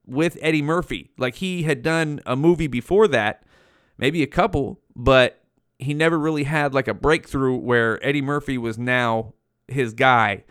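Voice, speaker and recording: A man's voice: medium pitch, a bit bright, clear, resonant tone, dry recording, clean studio sound. A young man hosting a solo podcast from home, rambling casually with heavy swearing and slang. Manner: profane, slangy, rambling with many fillers. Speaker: podcast host. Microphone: headphones and podcast mic.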